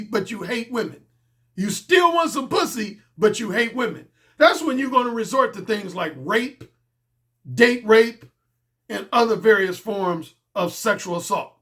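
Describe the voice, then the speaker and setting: A man's voice: sits high, a bit bright. A middle-aged man giving a blunt, emphatic solo commentary as a dating coach, repeating his points for stress.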